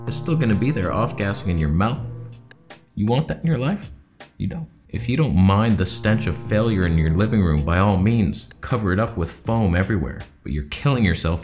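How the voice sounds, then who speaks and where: A young man casually ranting to camera in his living room, sarcastic and jumping between loud jabs and low mutters. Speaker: YouTube host.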